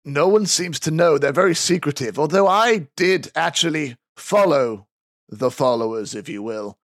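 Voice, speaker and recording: A sly little mousefolk spy who loves his own secrecy and drama, as a game master puts him on. The voice sits a bit high and is recorded very dry and close, with nothing around it. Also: animated, normal speed, a bit bright, dry recording. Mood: conspiratorial. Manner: theatrical, conspiratorial, proud. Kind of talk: tabletop game character voice.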